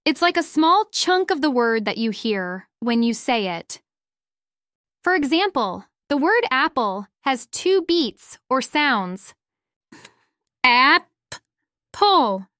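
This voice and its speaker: Slow, sing-song woman teaching young children. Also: high-pitched, sing-song, fairly bright tone, no echo, clean studio sound. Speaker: first-grade teacher. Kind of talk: children's phonics lesson.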